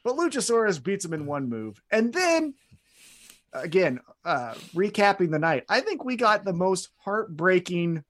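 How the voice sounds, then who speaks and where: A man's voice: high voice, unhurried. A man co-hosting a casual wrestling podcast, joking and acting out quotes as he recaps. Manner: joking, animated, acts out quotes. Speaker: podcast co-host.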